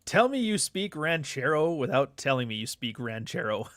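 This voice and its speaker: A middle-aged man hosts a live show, chatting casually with viewers and reading their comments. His banter is loose, profane, and joking, with frequent asides, delivered in a medium-pitched, sing-song, slightly bright voice at normal speed on a dry recording.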